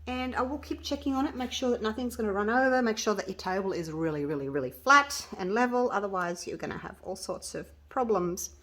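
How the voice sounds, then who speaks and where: Working at home on resin crafts, this channel host talks to her viewers in a chatty way, frequently trailing off and starting sentences over. She has a mid-range, somewhat bright voice with lively intonation, and she speaks briskly with hardly any pauses.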